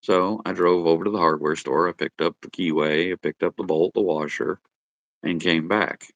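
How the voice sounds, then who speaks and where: A man's voice: low-pitched, steady tone, normal speed, no room sound, lo-fi sound. A man telling a wry work story in casual chat, with a chuckle in his voice.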